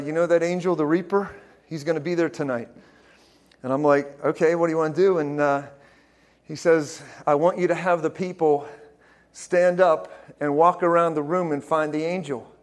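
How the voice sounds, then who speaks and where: Casting: man, preacher, raised voice, relaxed sermon storytelling with lots of ums. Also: a little high. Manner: casual, many fillers, grows excited and loud in climaxes.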